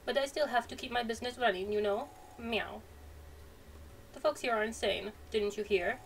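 A woman's voice: fairly high pitch, normal speed, vocal fry, pitched above the performer's own voice. A woman voicing a cagey male cat merchant who tacks "meow" onto his sentences. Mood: sly. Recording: distant mic, faint noise.

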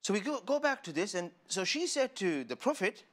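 A man teaching children about the Qur'an, playful and animated, asking questions and laughing often. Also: sits high, quick pace, hardly any pauses. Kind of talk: lively lesson for children. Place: studio.

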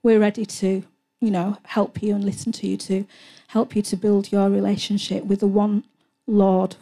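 A woman presenting a Christian TV programme, speaking in a gentle, earnest devotional way between hymns, soft-spoken and sometimes hesitant as she searches for words. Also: mid-range voice, level tone, moderate pace. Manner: soft-spoken, earnest, often trailing into a hush.

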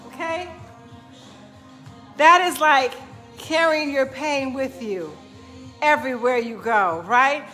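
A woman fitness coach giving an energetic, emphatic motivational pep talk, laughing often and whooping. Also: sits high, takes it slowly, long pauses, soft background music. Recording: roomy echo.

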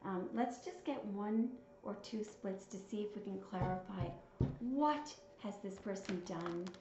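A woman's voice: medium pitch, unhurried. A woman giving a tarot reading, counting out cards and musing aloud as she reads their messages with feeling. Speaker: tarot reader. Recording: slightly dull, roomy sound with soft music. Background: soft background music.

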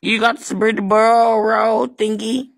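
A woman's voice: a little high, level tone, moderate pace, no echo. A woman voicing a fussy customer who keeps ordering food with a mock-polite, repeated "excuse me.".

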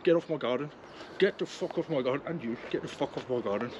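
An enraged Englishman yells threats and curses in a quick, raised voice outdoors. His speech tumbles out fast above a clear wash of outdoor noise. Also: mid-range voice, muffled recording. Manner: aggressive shouting threats, heavy swearing. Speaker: angry homeowner. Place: outdoors in a front garden. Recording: noisy outdoor ambience.

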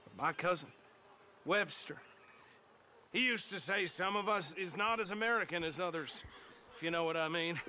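An actor playing a folksy frontier lawman in a video game, drawling and quick to turn insulting. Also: high-pitched, sharp tone, slight background noise. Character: folksy male lawman, turns nasty fast.

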